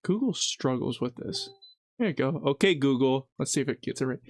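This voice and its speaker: Cooking in a home kitchen, a live streamer chats casually and rambles, teary-eyed from an onion and poking fun at themself. The voice is medium-pitched, expressive, and brisk. It's studio-quality audio with no room sound.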